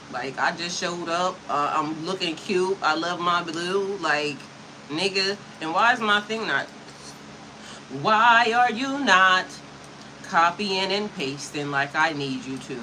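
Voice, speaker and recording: A woman's voice: sits low, measured pace, sharp tone, a little hiss or hum, poor audio. A woman in her fifties, livestreaming to her chat in a sassy, profane way, with frequent laughter, talking into a computer mic. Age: 50s. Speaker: spiritual coach livestreaming to chat.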